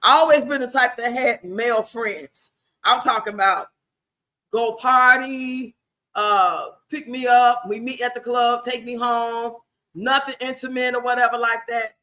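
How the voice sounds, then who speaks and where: A woman's voice: a little high, steady tone, a little slow, sharp tone. A woman, telling sassy personal stories casually to viewers in a livestream chat. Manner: sassy, laughing, talks back to viewers. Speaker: livestream host. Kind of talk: casual storytelling to a live chat.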